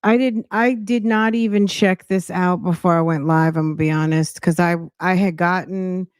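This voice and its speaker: A woman's voice: fairly low pitch, fairly even intonation, normal speed, clean tone, no echo, studio quality. A woman hosting a casual live-stream reaction chat, greeting viewers by name and thinking aloud as she reads.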